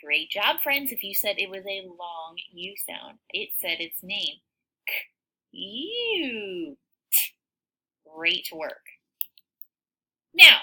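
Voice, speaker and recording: A woman teaching a phonics lesson to young children, sounding out words slowly and cheering her listeners on. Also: medium pitch, slightly rough, poor audio. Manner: slow, sounds out words, animated encouraging teacher voice.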